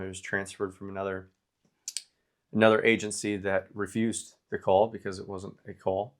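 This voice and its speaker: A man co-hosting a podcast, telling a work story in an easygoing, halting way with frequent "um"s. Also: on the low side. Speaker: podcast co-host. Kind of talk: casual storytelling chat.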